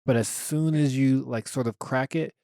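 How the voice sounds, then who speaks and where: A man's voice: mid-range voice, fairly even intonation, moderate pace, gravelly, warm tone, dry recording, clean studio sound. A man talking as a comedian guest on a podcast, playful and joking, swearing casually. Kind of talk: casual chat.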